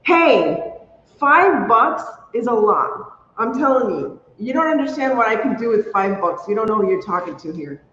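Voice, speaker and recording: A chatty woman hosting a crafting livestream, talking along as she works and squealing high whenever something thrills her. Her voice sits in a roomy space with a long ring after each phrase. The sound is a bit dull and lo-fi, with a faint hum underneath. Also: moderate pace. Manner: chatty, excitable, squeals when delighted. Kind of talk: casual livestream chat while crafting.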